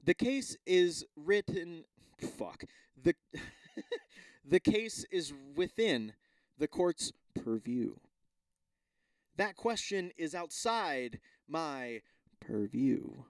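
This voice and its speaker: A man's voice: fairly high pitch, sing-song, extremely slow, long pauses, no echo. A young man hosting a solo podcast, chatting casually and rambling, swearing often and stumbling as he reads text aloud. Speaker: podcast host.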